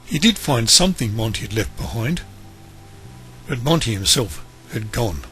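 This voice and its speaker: A man reading a children's story aloud in an expressive, animated way. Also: medium pitch, moderate pace, soft background music. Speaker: storybook reader.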